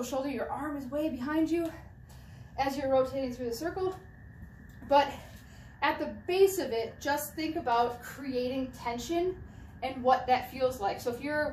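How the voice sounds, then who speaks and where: A young woman with a high voice coaches shot put technique casually as she demonstrates, frequently restarting and repeating phrases while moving. A distant camera mic picks her up with echo, faint ambience, and slight background noise.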